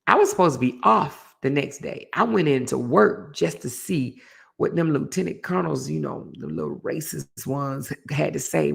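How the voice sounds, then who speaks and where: A middle-aged woman, hosting a casual live stream and telling a story, acting out quoted voices with sudden high jumps. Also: creaky. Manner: animated storyteller, acts out quoted voices with big pitch jumps. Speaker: host of a live relationship talk show.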